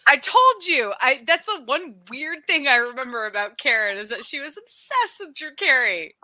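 A woman's voice: sits high, very animated, moderate pace, bright, forceful tone, no echo. A woman in casual chat with a friend, asking questions and teasing her playfully.

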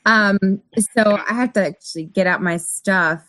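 A woman co-hosting a casual group chat, excitable and talking in quick bursts. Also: medium pitch, no room sound.

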